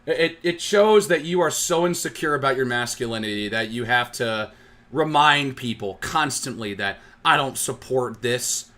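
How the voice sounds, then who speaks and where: A man's voice: medium pitch, expressive, normal speed, pushed and bright. A man hosting a sports fan channel, ranting with heat and sarcasm, often tripping over his words. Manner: heated, sarcastic, stumbling restarts.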